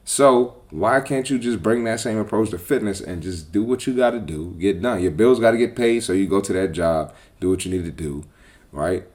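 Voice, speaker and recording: A man hosting a podcast as a personal trainer, talking bluntly and with profanity in a casual, animated monologue. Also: lowish voice, moderate pace.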